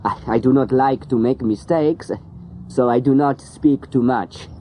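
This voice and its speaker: A man's voice: mid-range voice, unhurried, dark tone, a little hiss or hum, poor audio. A man from France with a strong French accent, speaking carefully and hesitantly, correcting himself. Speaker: language learner interviewee.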